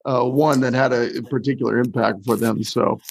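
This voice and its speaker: A man hosting a conversational interview, his voice gravelly with a husky, breathy edge and recorded dry and close. he asks questions in a loose, halting way and restarts his phrases as he goes. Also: medium pitch, steady tone, dry recording. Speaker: podcast host.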